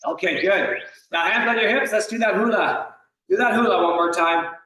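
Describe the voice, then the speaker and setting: Calling out moves and counting reps, this male fitness instructor sounds upbeat and encouraging, with a slight cough. His voice is high-pitched, bright and forceful, at a normal pace. He's recorded far from the microphone in an echoey room.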